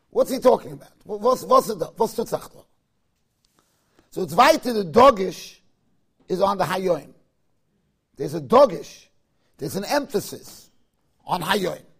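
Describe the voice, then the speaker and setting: Torah teacher, male, husky and fairly high, chants verses, jokes in asides. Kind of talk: Torah lecture.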